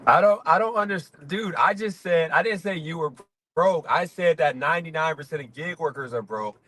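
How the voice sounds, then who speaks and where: A man's voice: on the high side, moderate pace, pushed and bright, slight background noise. A man arguing as a guest on a live stream, defensive and rambling but earnest. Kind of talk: heated livestream argument.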